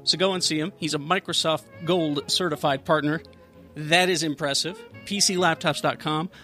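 A man hosting a casual podcast, loud and playful, laughing often and reading an ad. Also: on the high side, steady tone, moderate pace, faint music behind. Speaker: podcast host. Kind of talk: casual podcast banter and read ad.

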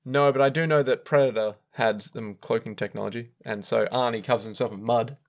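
A man's voice: medium pitch, steady tone, a little fast. A young man co-hosting a casual podcast chat, swearing freely and firing off wisecracks. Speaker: podcast co-host. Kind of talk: casual chat recapping an anime.

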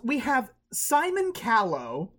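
A woman's voice: on the high side, huge pitch swings, takes it slowly, a bit bright. Sarcastic woman hosting a film podcast. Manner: sarcastic, wisecracking. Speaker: podcast co-host. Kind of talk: casual movie commentary chat.

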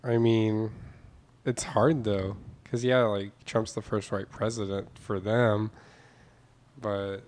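A man's voice: fairly low pitch, little pitch movement, slow pace, a little mellow, slight background noise. A man guesting on a podcast, chatting casually and hesitantly between giggles. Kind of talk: casual chat.

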